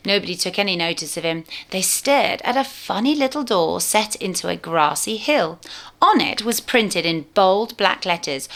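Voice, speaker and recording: Teacher lady reading a storybook to little kids, lively up-and-down voice. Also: mid-range voice, moderate pace. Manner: clear, expressive storytelling.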